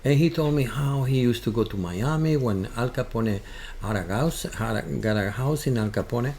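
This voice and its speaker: A man with a Spanish accent, a guest telling a halting, animated story in an interview. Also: mid-range voice. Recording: faint background noise.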